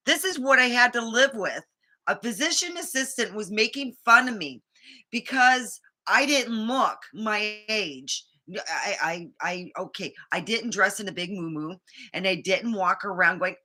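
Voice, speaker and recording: A woman's voice: a little high, normal speed, pushed and bright. A woman vlogger telling a rambling, indignant story about a doctor's visit, acting out the quotes. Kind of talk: casual monologue.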